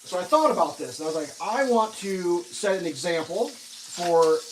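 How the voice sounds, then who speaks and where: A high-voiced man rants sarcastically and with exasperation in a casual way. He is cooking in a home kitchen, and faint noise runs under his voice. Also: expressive, moderate pace, far from the mic, low-quality recording. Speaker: cooking vlogger. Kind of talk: casual ranting story while cooking.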